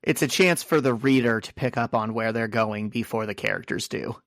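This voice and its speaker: A man's voice: mid-range voice, a little fast, a bit bright, no echo. A man co-hosting a podcast who adds dry, knowing remarks and explanations in casual chat. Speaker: podcast co-host.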